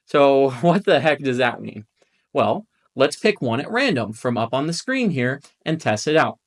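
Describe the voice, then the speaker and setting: A young adult man who is a native English speaker, teaching a Spanish pronunciation lesson in a clear, patient way and drilling vowel sounds. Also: mid-range voice, big pitch swings, normal speed. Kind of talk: instructional video lesson.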